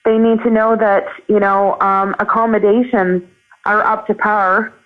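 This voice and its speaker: A woman's voice: medium pitch, little pitch movement. Earnest woman on a tinny phone line. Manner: earnest, halting with many fillers. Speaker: phone-in guest, farm owner. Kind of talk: phone call on a livestream.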